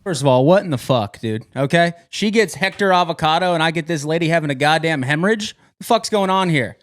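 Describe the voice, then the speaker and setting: A man, a comedian contestant, delivering an improvised comedic rant full of profane, incredulous rapid-fire questions. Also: on the high side, lively intonation.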